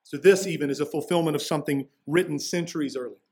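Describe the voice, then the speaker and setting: A man's voice: a little high, fast, a little mellow. A man preaching a sermon as pastor, walking through a passage in a casual, conversational way with slangy asides.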